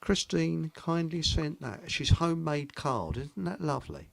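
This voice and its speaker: A man's voice: on the high side, very animated, a little slow, creaky, crowd noise. A middle-aged man, hosting a live online show in a rambling, jokey chat and laughing at his own jokes. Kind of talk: casual chat.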